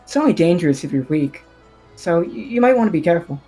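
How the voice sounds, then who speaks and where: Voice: medium pitch, lively intonation, fast, warm tone, breathy edge, faint music behind. A tabletop player voicing a mouthy young fairy girl with a smug, teasing manner.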